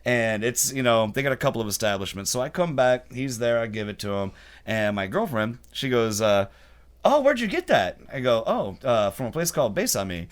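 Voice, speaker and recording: A man talks loosely on a podcast, breaking into laughter as he tells his stories. His voice sits at an everyday middle pitch. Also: a little fast, clear, resonant tone. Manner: laughs often while telling stories. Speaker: podcast host. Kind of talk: casual chat.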